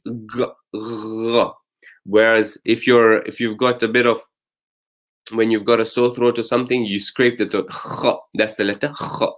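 A man hosting and teaching, casually summarizing recitation lessons with frequent fillers and restarts. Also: mid-range voice. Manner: explains patiently with many fillers and restarts. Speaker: host and Quran recitation teacher.

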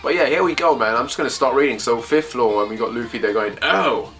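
A man casually reacting to a comic chapter, thinking aloud in a rambling, excitable way as he reads it. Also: mid-range voice, fast, soft background music. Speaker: manga reaction host.

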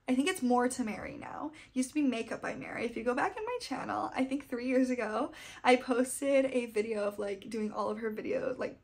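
A young adult woman chatting casually about books she read, gushing and fangirly. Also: high-pitched. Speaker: book vlogger. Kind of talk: casual book wrap-up chat.

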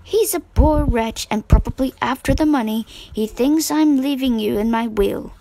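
A woman's voice: fairly high pitch, expressive, normal speed, close to an everyday voice, low-quality recording. A woman doing a haughty old aunt. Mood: indignant. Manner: sniffing, disapproving.

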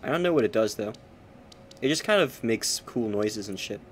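A man's voice: on the low side, animated, moderate pace, slight background noise. A man streaming a game, chatting casually with swearing and self-mocking asides. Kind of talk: casual gameplay commentary.

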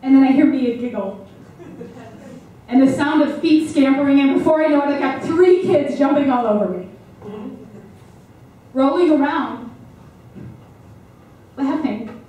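A young mother performs a confessional one-woman monologue, swinging between exasperation and soft tenderness. Her voice sits high with a mellow tone. She sounds far from the mic in a very echoey space. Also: unhurried, long pauses, a little hiss or hum. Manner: shifts from exasperated to hushed and tender. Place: stage or hall.

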